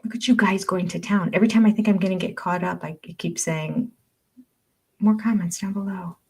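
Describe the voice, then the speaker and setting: A woman's voice: on the low side, fast, gravelly, a little mellow, slightly rough. An older woman hosting a livestream, chatting casually, reading viewer comments aloud and laughing often. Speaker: livestream host.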